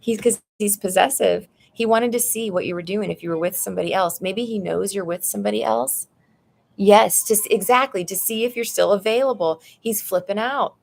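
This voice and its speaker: A woman doing a live tarot reading at home, speaking into her phone. Her mid-range voice has a strong vocal fry running through it. She talks bluntly and casually, as if chatting with a close friend. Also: medium pitch, normal speed. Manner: blunt, chatty, addresses viewer as "girl". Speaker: tarot reader. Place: apartment room at home.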